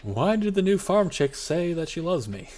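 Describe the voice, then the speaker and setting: Animated, rambling male game streamer. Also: high voice, moderate pace. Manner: rambling, jokey, self-talking asides. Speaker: VTuber streamer. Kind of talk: live-streamed gameplay commentary.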